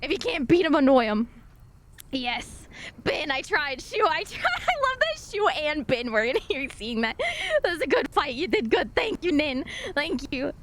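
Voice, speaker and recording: A high, bright woman's voice, bubbly and excitable as she streams as a VTuber. She chats casually and reads her chat aloud, laughing often and sounding emotional, close to tears. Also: measured pace, a little hiss or hum.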